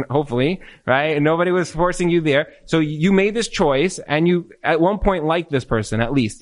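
A man answering marriage questions in a live Q&A, animated, full of restarts, acting out spouses' complaints. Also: a little high. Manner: animated, repetitive restarts, acts out quoted spouses. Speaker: relationship speaker. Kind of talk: Q&A talk to a live group.

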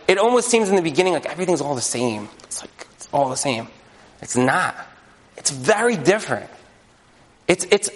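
Animated high-pitched preacher in a hall. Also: male voice. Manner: animated storytelling, acting out voices. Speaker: rabbi. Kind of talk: sermon. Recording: long hall reverb.

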